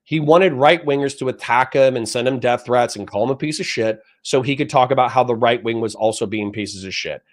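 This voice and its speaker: A man's voice: medium pitch, a little fast, hardly any pauses. A man on a livestream reading chat comments aloud and answering them in a blunt, profane, lecturing rant.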